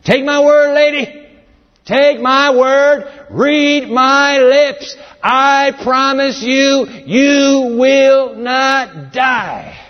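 A man's voice: extremely high pitch, very slow, voice pushed up, exaggerated voice. A preacher voicing a sly male serpent tempter, coaxing and pushy, drawn out and insistent. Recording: dull sound with long hall reverb.

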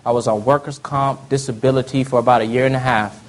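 A man telling a personal testimony in an earnest storytelling way, often dropping to soft low tones. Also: fairly even intonation, fast talker. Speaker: speaker giving testimony.

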